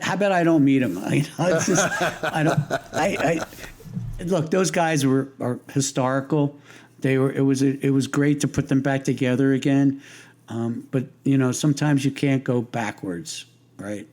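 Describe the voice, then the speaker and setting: A medium-pitched, darkish voice belongs to an older man being interviewed casually. He meanders through long stories with amusement, often starting his sentences over.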